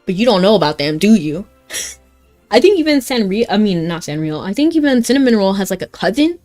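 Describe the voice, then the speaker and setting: A woman's voice: medium pitch, big pitch swings, a little fast, a little mellow. Young woman streaming, rambly giggly chat, faint game music underneath. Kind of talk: casual live-stream chat.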